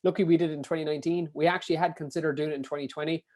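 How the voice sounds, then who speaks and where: A man with a Kerry Irish accent telling stories as a podcast guest, animated and swearing casually. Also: fairly high pitch, rapid-fire. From Ireland. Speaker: podcast guest, endurance athlete. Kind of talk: casual storytelling.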